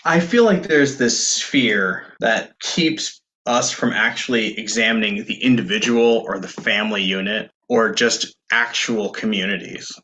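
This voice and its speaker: A man co-hosting a podcast in casual chat, thinking aloud in a halting way and often restarting sentences. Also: fairly low pitch, pushed and bright, rough recording. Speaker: podcast co-host.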